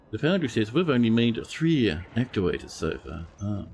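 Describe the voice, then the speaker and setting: Playful, animated male game streamer. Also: on the low side, normal speed, creaky, husky, soft background music. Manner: playful, chatty, talks to game characters. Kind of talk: live gameplay commentary.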